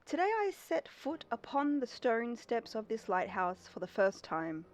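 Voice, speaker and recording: Game diary: a woman reading an old sea captain's lines, slow and plain. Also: a little high, sing-song. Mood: wistful. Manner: slow read-aloud diary narration. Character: old male sea captain, lighthouse keeper writing diary.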